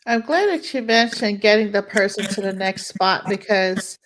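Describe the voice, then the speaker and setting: A woman's voice: mid-range voice, normal speed, slight background noise, rough recording. A woman hosting a podcast interview who asks questions casually and backs up her guest with frequent affirmations. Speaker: podcast host.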